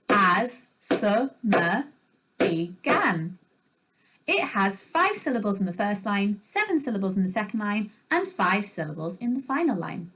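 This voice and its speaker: A young woman teacher giving a recorded home-learning lesson, clear and upbeat, explaining things slowly for children. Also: on the high side, rough recording. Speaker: primary school teacher.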